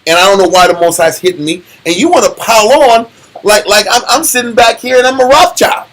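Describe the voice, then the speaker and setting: A man leading a casual Bible study, animated and full of rhetorical questions and slang. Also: sits high, fast, a little hiss or hum, poor audio. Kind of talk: casual scripture teaching.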